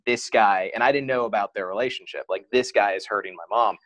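A man's voice: on the low side, fast, a bit bright, no room sound. A man talking as a podcast guest, telling a personal story openly and casually, with lots of "like" as filler. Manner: frank and open, heavy use of "like".

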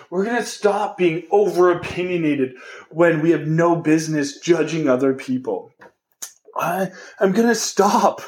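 A man hosting a podcast, giving an earnest, encouraging motivational monologue straight to his listeners. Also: fairly high pitch. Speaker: podcast host.

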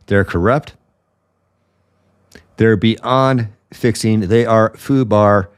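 A male podcast host talks in a fairly low voice. He rants bluntly and sarcastically through his political commentary, sounding openly indignant. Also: extremely slow, long pauses, clear, resonant tone, no echo, studio quality.

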